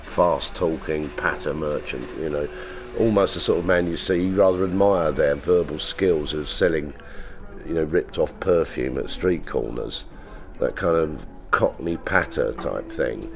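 A man's voice: a bass voice, measured pace, vocal fry. A man with a South London accent, a comedian talking casually in an interview, rambling with restarts. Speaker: comedian guest. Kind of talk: conversational interview.

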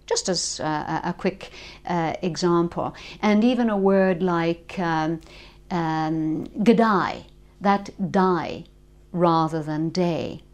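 A woman's voice: fairly low pitch, fairly even intonation, slow, darkish tone. Thoughtful Irish woman explaining. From Ireland. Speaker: language expert. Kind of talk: interview.

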